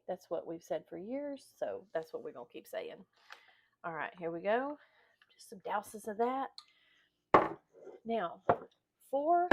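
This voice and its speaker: A woman's voice: mid-range voice, a little mellow. A woman, chatting in a folksy way to her viewers while she cooks in her home kitchen. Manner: chatty and folksy, often addressing viewers as y'all. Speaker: home cooking vlogger. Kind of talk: casual cooking demonstration.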